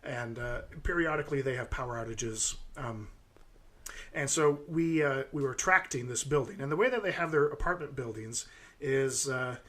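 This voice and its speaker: Man, 30s, podcast co-host, casual chat, rambling with fillers, bright tone. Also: medium pitch, moderate pace. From United States. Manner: rambling storytelling with many fillers.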